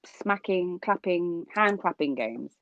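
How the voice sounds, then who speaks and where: Young woman podcast cohost, lowish voice, tells stories animated, dry dull audio. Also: takes it slowly, dry recording. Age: young adult. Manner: animated storyteller, laughs often. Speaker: podcast co-host. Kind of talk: casual storytelling chat.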